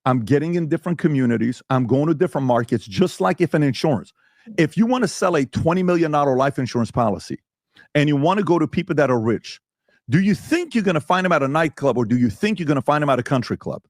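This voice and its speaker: A man's voice: on the high side, animated, quick pace, no echo, clean studio sound. A male podcast host in a heated debate, talking emphatically and firing rhetorical questions.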